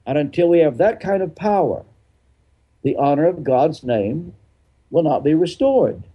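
Older guy, retired pastor on an interview, husky kinda raised voice, keeps asking n answering himself. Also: fairly high pitch, sing-song, unhurried, highs cut off. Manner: emphatic, rhetorical questions answered himself, repeats phrases. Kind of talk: interview answer, preaching-style explanation.

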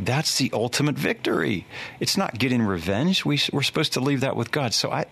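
A man's voice: lowish voice, creaky, a bit bright. A man hosting a faith talk show, asking questions and affirming his guest. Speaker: show host.

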